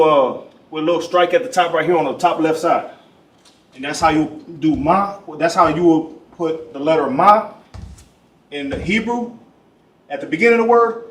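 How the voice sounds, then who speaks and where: Casual man teaching in an echoey room. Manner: casual, says boom often, trails off quietly. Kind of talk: casual classroom letter lesson. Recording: echoey room, mic at a distance.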